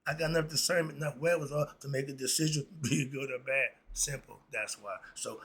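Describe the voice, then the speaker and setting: Gravelly man, laid-back and chuckling. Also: medium pitch, quick pace, background noise. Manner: laid-back, chuckling, loose slangy asides. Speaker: host. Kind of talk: casual commentary reading principles aloud.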